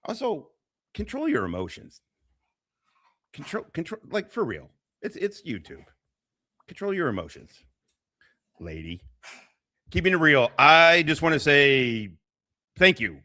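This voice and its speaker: A man with a fairly high voice hosts a casual reaction stream, swearing freely and laughing often as he comments on clips. He's animated yet speaks unhurriedly, with long pauses.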